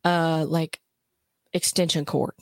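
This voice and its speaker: A woman co-hosting a podcast, ranting about a movie with profane, animated delivery. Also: low-pitched, slow, no echo, studio quality. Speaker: podcast co-host. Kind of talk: casual movie talk.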